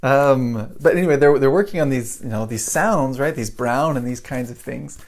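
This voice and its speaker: A man's voice: mid-range voice, moderate pace. An American man teaching English pronunciation in a live stream, chatty and repetitive, stopping to greet viewers as he goes. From United States. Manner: chatty, repeats himself, greets viewers mid-lesson.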